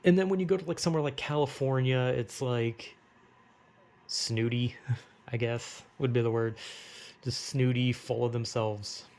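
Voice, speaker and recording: A man's voice: medium pitch, fairly even intonation, normal speed, a little mellow. A young man with a general American accent, rambling casually and self-deprecatingly in a monologue vlog. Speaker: vlogger.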